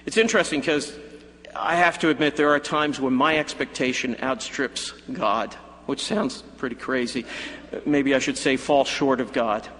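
Animated male preacher in a reverberant church. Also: medium pitch, moderate pace, a little hiss or hum. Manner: animated preaching, voices hypothetical quotes of Jesus. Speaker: pastor. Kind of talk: sermon.

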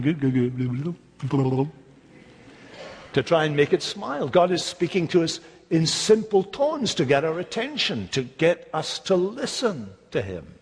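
Scottish male pastor, husky mid-high voice, emphatic sermon delivery in a reverberant church hall. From Scotland. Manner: emphatic, repeats words for effect, mimics mocking voices.

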